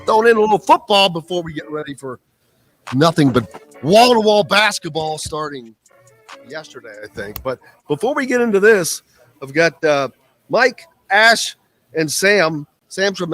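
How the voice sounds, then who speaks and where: Midwestern male radio host, lively pitch, bright voice, excitable banter. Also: unhurried, soft background music. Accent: American Midwest. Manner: animated, exclaiming through a spicy shrimp challenge. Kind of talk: live sports radio banter. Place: radio broadcast set at a live event.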